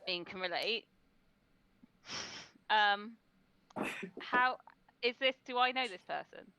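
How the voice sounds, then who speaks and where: A British woman playing a tabletop game, trading bawdy, deadpan quips. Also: medium pitch, slow pace, muffled recording, slight background noise. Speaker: player.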